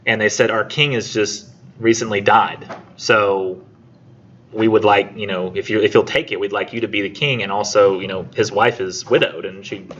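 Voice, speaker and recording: A man's voice: fairly low pitch, steady tone, fairly bright tone. A man teaching a college English class in a casual lecture, chatty and acting out the characters' lines as he retells the story. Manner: chatty, acts out characters' lines in quick voices. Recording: muffled classroom recording with faint noise.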